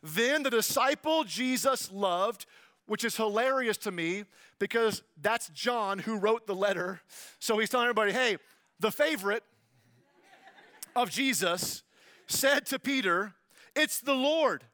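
A man preaching a sermon, telling the story with animated, jokey asides that swing from quiet to loud. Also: high-pitched, measured pace, no echo. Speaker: pastor.

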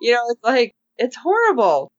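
A woman co-hosting a casual recap chat, animated and acting out characters' lines in put-on voices. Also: a little high, moderate pace, no room sound, lo-fi sound. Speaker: podcast co-host.

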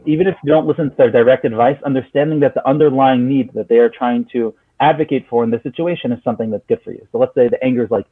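Man, husky voice, tinny phone-like sound, earnest therapist, lots of restarts. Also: medium pitch, no echo. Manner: earnest, many restarts, acts out client dialogues. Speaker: therapist guest. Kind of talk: conversational explanation. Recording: husky voice over a tinny phone-like line, dry.

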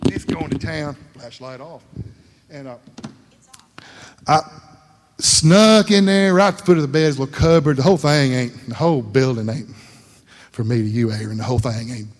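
A man's voice: fairly high pitch, steady tone, normal speed, long pauses. A middle-aged man preaching a sermon, telling a folksy story and laughing often. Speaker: pastor. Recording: long hall reverb.

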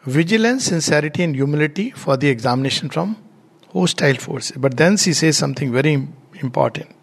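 Spiritual teacher: man, voice on the higher side, earnest, teaching through anecdotes. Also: lively intonation, fairly quick, gravelly, husky. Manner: earnest, with laughs and spoken lists of virtues.

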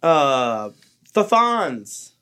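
Animated man with a worn-out voice. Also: fairly high pitch, drawn-out words, clean tone. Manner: animated, campy storytelling, acts out scenes. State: losing his voice. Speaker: podcast co-host. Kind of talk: casual chat.

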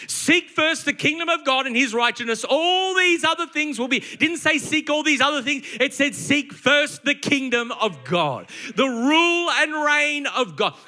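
A man preaching a sermon, emphatic and conversational, slipping into quick acted asides. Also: very high voice, sharp tone.

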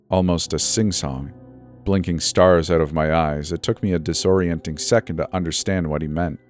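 A man's voice: low-pitched, a little mellow. A man narrating a first-person horror story in a tense, storytelling delivery. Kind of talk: scripted narration. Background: faint background music.

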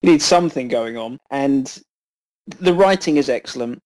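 Measured man reviewing films. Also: mid-range voice, lively intonation, darkish tone, low-quality recording. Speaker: film podcast co-host. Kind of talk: casual film review.

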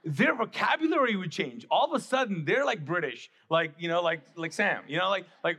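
Husky-voiced male pastor preaching. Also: high voice, sing-song, brisk, few pauses, pushed and bright. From Middle East. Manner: conversational, emphatic preaching. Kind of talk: sermon.

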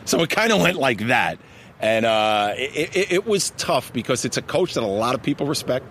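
Sitting for a casual interview outdoors in a park, a Long Island referee recounts basketball stories in a mid-range voice at normal speed. He's animated, laughs frequently, and keeps saying "man," while faint traffic hums in the background.

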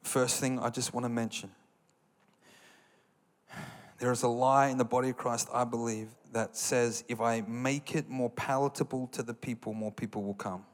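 An Australian man preaching a sermon with passion, building to loud, emphatic bursts. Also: medium pitch, steady tone, normal speed.

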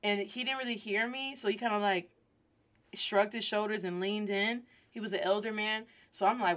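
A woman hosting a Spanish lesson, telling a lively story and drawing out key words for emphasis. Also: medium pitch, moderate pace, a little hiss or hum. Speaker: Spanish teacher and host.

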